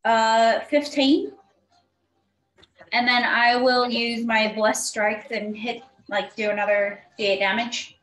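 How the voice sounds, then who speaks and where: A woman with a fairly high voice speaks slowly and hesitantly as a tabletop game player, working out her rolls aloud. Her voice carries a roomy echo. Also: fairly even intonation, fairly bright tone. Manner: hesitant, thinking aloud while counting dice. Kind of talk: casual tabletop game play.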